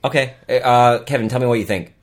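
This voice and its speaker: A man voicing a laid-back mock-Australian man, with gargly throaty vowels and a low mumbly drawl. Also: steady tone, a little fast, close to an everyday voice.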